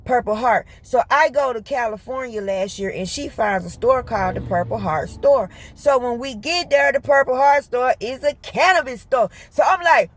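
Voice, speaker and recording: A woman telling a story to her viewers in casual, colloquial chat. She talks fast in bursts, is lively, and laughs often. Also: fairly high pitch. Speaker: vlogger.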